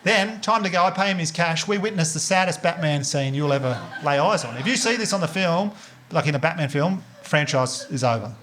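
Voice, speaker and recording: An Australian man on a comedy club stage, his voice a touch higher than most men's. He tells his story with big animated swings and plenty of swearing. Audience noise sits clearly behind him. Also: brisk. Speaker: stand-up comedian.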